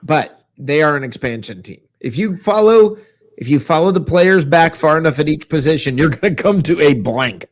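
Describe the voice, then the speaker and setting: A man's voice: on the high side, animated, normal speed. A man co-hosting a casual sports podcast, teasing his friends and arguing football points. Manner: teasing, argumentative. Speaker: podcast co-host.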